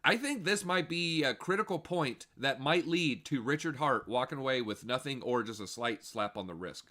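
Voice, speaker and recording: A male livestream host with a bright, forward tone. He talks to his viewers in a casual, animated and jokey way, recorded on a desk mic at home. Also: mid-range voice, normal speed.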